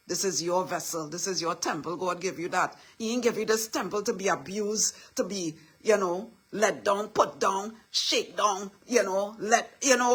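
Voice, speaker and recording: A middle-aged woman, giving a motivational talk in a husky voice with repetitive affirmations and a preachy manner. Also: mid-range voice, a little slow. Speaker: motivational speaker.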